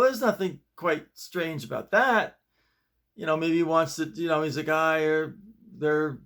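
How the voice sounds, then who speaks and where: A man with a fairly high, slightly bright voice hosts his own video show from his bedroom. Shaken up, he tells a story in a casual, rambling way with many restarts.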